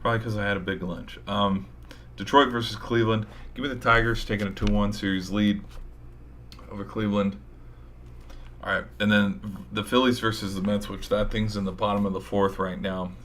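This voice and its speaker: A man's voice: fairly low pitch, little pitch movement, fairly quick, fairly bright tone, slight background noise. A man hosting a sports show, rambling through casual game predictions with hype and mild swearing, his voice a little tired. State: tired, voice giving out.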